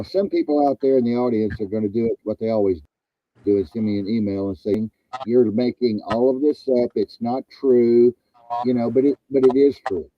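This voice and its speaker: A man's voice: fairly low pitch, highs cut off. A man hosting a casual chat, rambling and joking and repeating himself. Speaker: host.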